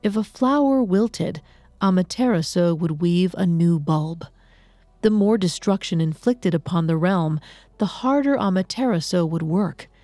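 A woman narrating a myth in a measured, even storytelling manner. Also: on the low side, no room sound.

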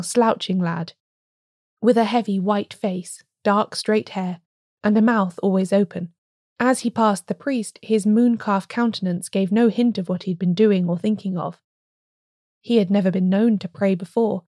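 A woman narrates an audiobook in a measured, even reading at medium pitch. The studio sound is clean, with no room sound.

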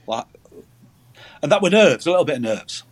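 A man's voice: a little high, very animated, normal speed. A man, telling rambling stories as a guest in a casual chat, often repeating words. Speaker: guest angler.

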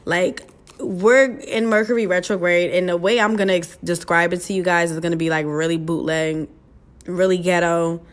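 A woman's voice: lowish voice, fairly even intonation, moderate pace. A young woman hosting her own podcast in a loose, chatty way, swearing freely and laughing at herself. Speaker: podcast host. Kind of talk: casual solo podcast chat.

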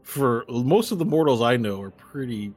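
A man's voice: medium pitch, lively intonation, normal speed, darkish tone, husky, soft background music. Brief: man voicing a sly devilish immortal, chatty, a little drunk, tabletop game. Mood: boastful. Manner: chatty, rambling, tipsy. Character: boastful immortal male devilish barfly.

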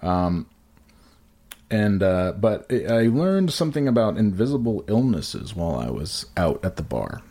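A man with a low voice tells a crude, rambling story in casual podcast chat. His pitch rises and falls widely as he acts out the beats, and he stumbles through fillers and restarts as he goes. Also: very animated, a little slow, mellow.

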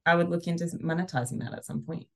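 A woman's voice: lowish voice, quick pace, creaky. A woman co-hosting a casual podcast who chimes in with dry, wry comments.

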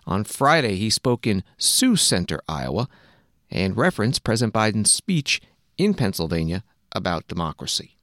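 A male news anchor reading scripted news narration in a measured, neutral way. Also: lowish voice, big pitch swings, a bit bright, no room sound, studio quality.

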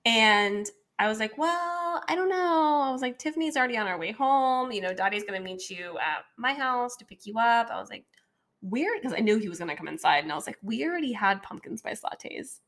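A woman co-hosting a casual chat, telling a story and jumping into a higher voice for quoted lines. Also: animated, brisk, a bit bright. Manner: storytelling, acting out dialogue in a raised voice.

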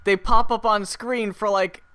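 A man co-hosts a casual podcast, his remarks dry and wry. His voice is smooth and clear. It sits a bit high for a man. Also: steady tone, unhurried, bright, forceful tone. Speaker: podcast co-host. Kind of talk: casual chat.

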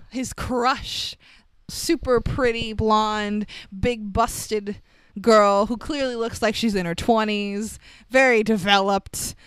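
A woman's voice: medium pitch, clean tone, no echo. A woman casually recapping a movie plot in a wry, chatty way, laughing often. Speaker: podcast co-host.

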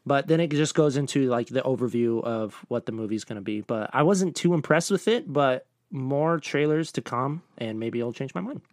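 A man's voice: medium pitch, lively intonation, normal speed, few pauses, no echo, studio quality. Laid-back young man co-hosting. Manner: laid-back, trails off quietly. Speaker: podcast co-host, co-editor-in-chief. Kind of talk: casual podcast chat.

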